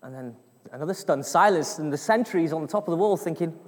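Lively storytelling preacher, hall reverb. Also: male voice, on the high side, fast. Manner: lively storyteller, acts out voices, laughs often. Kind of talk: sermon with storytelling.

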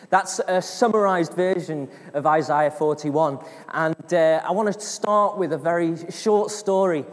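A man's voice: on the high side, a little slow, hardly any pauses. A man preaching a sermon to a congregation, telling a story with acted-out voices and frequent laughs. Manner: lively storyteller, acts out voices, laughs often. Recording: long reverb of a hall.

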